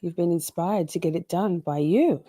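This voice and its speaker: A chatty woman hosts a casual livestream and greets her viewers one by one. Her voice sits fairly low and mellow, recorded close and dry with no room sound. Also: moderate pace, no echo. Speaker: livestream host.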